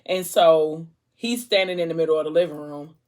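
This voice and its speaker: A woman's voice: low voice, moderate pace, a little mellow. A woman vlogger chatting casually at home over a snack, retelling a story with lots of "like" and asides. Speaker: vlogger retelling a book's plot. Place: at home, eating a fruit tray.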